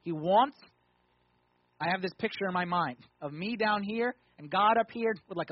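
A high-voiced man preaches in a chatty, questioning way, pressing hard on some lines and dropping low on others. His voice is husky. The recording is dry and slightly dull. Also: moderate pace, no room sound. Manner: conversational preaching, rhetorical questions, swings from loud emphasis to quiet. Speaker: pastor. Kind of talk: sermon.

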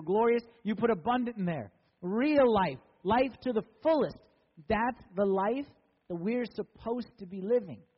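High-voiced, husky male preacher. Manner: preaching, repeating words for emphasis. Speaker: pastor. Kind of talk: sermon. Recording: dull, echoey church recording.

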